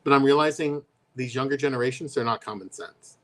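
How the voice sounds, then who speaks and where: A man's voice: mid-range voice, a little fast, fairly bright tone. Co-host, male, conversational storyteller who jumps into voiced quotes. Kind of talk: casual chat. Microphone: live stream.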